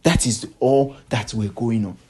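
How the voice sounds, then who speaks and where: A man's voice: mid-range voice, measured pace, warm tone, husky. Repetitive man in celebrity gossip monologue. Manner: repetitive, emphatic, rhetorical questions. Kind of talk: solo monologue commentary.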